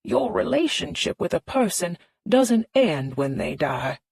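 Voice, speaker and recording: Lady reading as a sweet old doctor guy, slow and gentle, deeper voice, dry sound. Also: very animated, creaky, breathy edge, no echo, full character voice. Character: elderly kindly male doctor.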